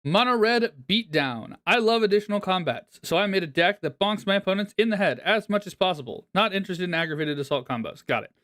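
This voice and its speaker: A man's voice: high voice, animated, quick pace, hardly any pauses, a bit bright. A man chatting casually on a live stream as he reviews viewers' decks, laughing often and poking fun at himself.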